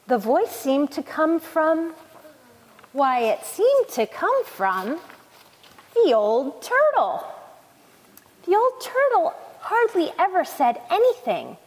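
Expressive woman reading a storybook. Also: fairly high pitch. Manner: slow, soothing, expressive reading. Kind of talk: scripted storybook narration. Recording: long hall reverb.

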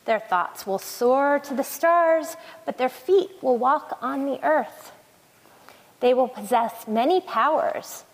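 A woman puts on a wise, gentle old turtle for a storybook reading. The voice sits high and swings widely, each line slow and earnest. A long reverb trails behind it. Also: lively intonation, exaggerated voice. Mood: solemn.

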